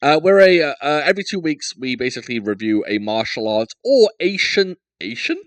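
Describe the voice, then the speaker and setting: A man's voice: on the high side, very animated, brisk, no room sound. Jokey, rambling man hosting a podcast. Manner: jokey, rambling, lots of fillers. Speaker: podcast host. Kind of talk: casual podcast chat.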